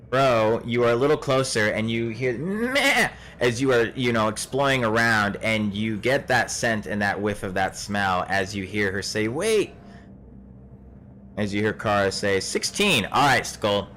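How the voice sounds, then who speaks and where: A man narrating a tabletop game as game master, relaxed and rambling, with plenty of filler words. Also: lowish voice, a little slow, slight background noise.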